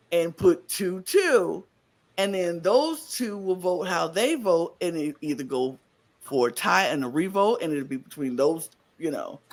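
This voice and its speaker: A man co-hosting a podcast, chatting casually in a recap and often stopping to restart his sentences. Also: fairly high pitch. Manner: animated, stops and restarts often. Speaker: podcast co-host.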